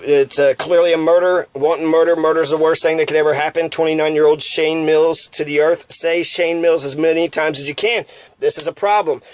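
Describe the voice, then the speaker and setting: A man's voice: a little high, dry recording. Angry profane man ranting. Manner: profane, ranting, repeats himself. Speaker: online commentator. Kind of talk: angry monologue.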